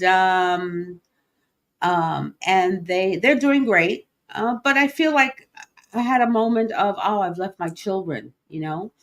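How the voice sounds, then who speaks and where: A middle-aged woman hosting a livestream podcast, talking openly and emotionally, with many fillers and restarts. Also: medium pitch. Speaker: podcast host. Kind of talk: personal livestream talk.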